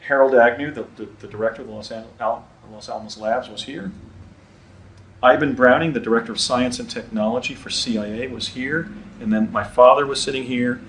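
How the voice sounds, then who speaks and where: A man in his fifties telling a personal story in casual speech, halting and often repeating words. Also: mid-range voice, rough recording.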